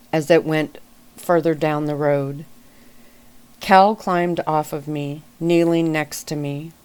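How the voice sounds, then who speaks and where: A woman reading a story aloud in a gentle, calm, unhurried way. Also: sits low, smooth. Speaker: reader. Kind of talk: soft-spoken story reading.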